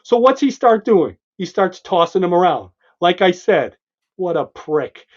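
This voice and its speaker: A male co-host in an excited comic book discussion, emphatic and animated, pointing out panel after panel. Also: sits high, unhurried. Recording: dull lo-fi sound.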